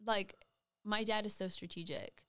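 Woman, Rhode Island accent, podcast co-host, casual chat, animated storyteller, mid pitch. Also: normal speed, smooth, no echo.

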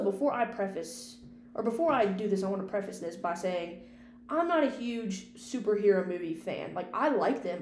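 Chatty swearing woman podcaster, echoey room. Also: medium pitch. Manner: chatty, swears casually, lively rambling. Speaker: podcast host and film critic. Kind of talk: casual unscripted podcast chat. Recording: echoey room with faint hum.

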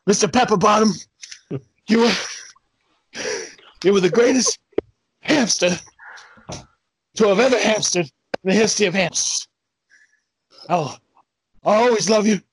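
A man's voice: high voice, a little slow, long pauses, breathy edge, no room sound, full character voice. A man in a comedy game playing a grieving man on the verge of tears, stammering through a eulogy. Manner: choked up, stammering, overwrought. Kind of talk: improvised comedy impression.

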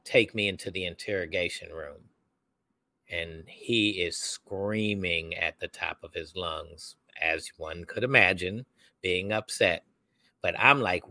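Bright-voiced man telling a story. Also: deep voice, no echo. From United States. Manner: animated, acts out quoted voices loudly. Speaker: podcast co-host. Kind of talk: storytelling in casual chat.

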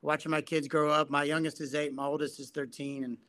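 A man's voice: on the high side, little pitch movement, fairly quick, a bit bright. A man who is a guest on a podcast, speaking earnestly and reflectively in casual conversation. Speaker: guest, men's coach and psychotherapist. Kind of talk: casual interview talk.

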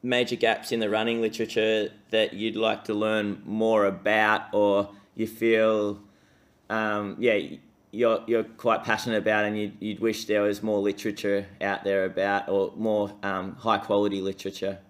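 Low steady guy hosting a podcast, chill, lots of ums. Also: moderate pace. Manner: relaxed, hesitant with ums. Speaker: podcast host, physiotherapist. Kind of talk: casual interview chat.

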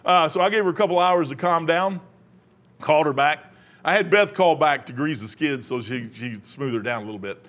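A middle-aged man delivers a sermon in a high voice. He drifts off the passage into joking stories from his own life, then circles back to the scripture. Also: fairly quick, fairly bright tone. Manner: rambling, jokey asides. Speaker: preacher.

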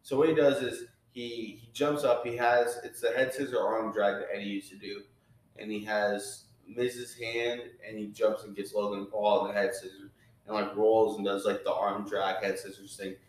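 A man's voice: lowish voice, steady tone. A man co-hosting a podcast, recapping wrestling matches step by step and often stopping to restart a sentence. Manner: halting, restarts while describing moves. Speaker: podcast co-host. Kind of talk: casual play-by-play recap. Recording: echoey room.

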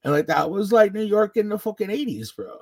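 A man talks in loose, profane, laid-back podcast chat, trading childhood stories. His voice is a bit husky and higher than most men's, and the sound is dry and close. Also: big pitch swings, fairly quick, a little mellow, dry recording. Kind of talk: casual chat.

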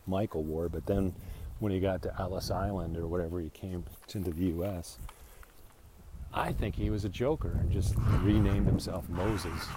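Deep-voiced man rambling on a walk. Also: steady tone, normal speed. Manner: chatty, meandering, self-interrupting with restarts. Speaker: podcast host. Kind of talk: casual rambling monologue. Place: outdoors, walking a dog in a residential neighbourhood. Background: pool pump noise.

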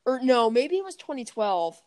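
A woman co-hosting a podcast in casual chat, chatty, often correcting herself, and quick to laugh. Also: fairly high pitch, very animated, darkish tone. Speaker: podcast co-host.

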